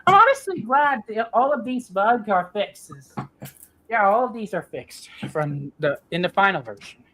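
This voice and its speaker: A woman hosting, chatting casually about voices and laughing often. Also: mid-range voice. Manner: giggly, slow and animated. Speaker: host. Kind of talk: casual chat reviewing voices.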